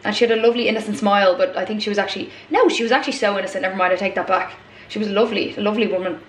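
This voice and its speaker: A woman's voice: mid-range voice, steady tone, very fast, a little hiss or hum. Irish girl in her 20s chatting away while she cooks, lots of tangents, echoey kitchen sound. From Ireland. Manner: rambling, chatty, many fillers and asides. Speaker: vlogger. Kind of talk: casual chat while cooking. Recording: echoey room.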